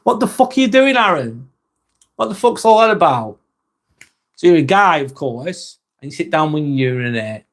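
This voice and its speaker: Blunt, jokey English man, slightly high voice. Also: big pitch swings, moderate pace. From England. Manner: blunt and jokey, swears freely, chuckles often. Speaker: live stream host. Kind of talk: casual live chat, reading out viewer comments.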